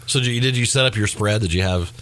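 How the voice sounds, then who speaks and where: A man's voice: on the low side, fast talker. A man co-hosting a podcast in casual chat, telling stories animatedly and acting out what others said. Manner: animated storyteller who acts out quotes. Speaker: podcast co-host.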